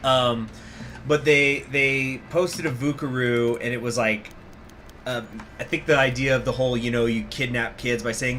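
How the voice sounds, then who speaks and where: A man's voice: mid-range voice, steady tone, normal speed, fairly bright tone, slight background noise. A man hosting a gaming channel, talking casually and rambling off into stories while he plays a strategy game. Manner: rambling, digressive, laughs often.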